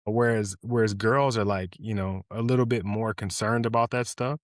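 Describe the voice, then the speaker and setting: A man's voice: lowish voice, fairly even intonation, moderate pace, no echo, clean studio sound. A man talking casually and reflectively, often repeating words and checking in with "right?". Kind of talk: casual conversation.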